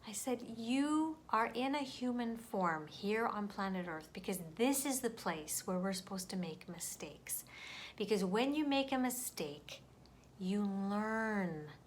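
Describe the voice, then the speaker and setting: Woman, mid-pitched, gentle and soothing, earnest inspirational vlog delivery. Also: animated, takes it slowly, slight background noise. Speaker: mother sharing a spiritual message.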